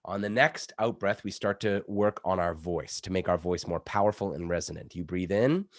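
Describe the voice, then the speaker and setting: A man coaching public speaking in an online workshop, energetic and demonstrative, a bit sick, on a good studio microphone. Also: deep voice, moderate pace, dry recording.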